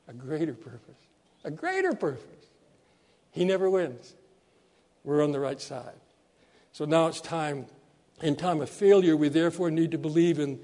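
Man, pastor preaching a sermon; high, warm voice; emphatic repetitions, soft low dips. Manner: preaching with rising emphasis and repeated phrases.

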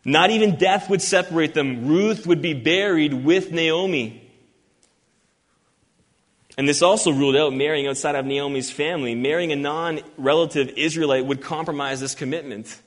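Guy preaching a bible sermon, kinda high voice, earnest and punchy, lots of echo. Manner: earnest, emphatic, reads scripture slowly. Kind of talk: expository sermon. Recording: long hall reverb.

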